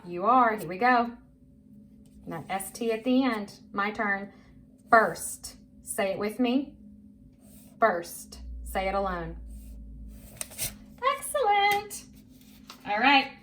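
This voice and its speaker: A woman leads young children through a phonics lesson, slow and encouraging as she draws out each word for them to repeat. Her voice sits at a middle pitch. A faint hiss runs under the recording. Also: fairly bright tone. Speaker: teacher. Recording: faint background noise.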